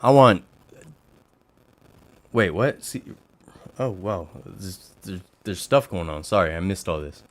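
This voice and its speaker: Chatty man telling a story, low voice. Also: slow, pauses often, no echo. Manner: chatty and animated, acts out quoted exchanges. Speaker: livestream host. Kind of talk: casual storytelling to a live chat.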